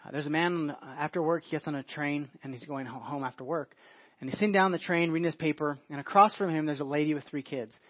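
A man's voice: fairly high pitch, fast, no echo, dull audio. A male pastor giving a conversational sermon, informal, often restarting phrases and asking the listeners questions.

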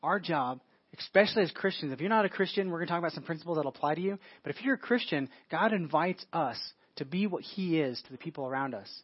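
A man's voice: on the high side, animated, quick pace, husky, no echo, muffled recording. A male pastor giving a conversational sermon, informal, often restarting phrases and asking the listeners questions.

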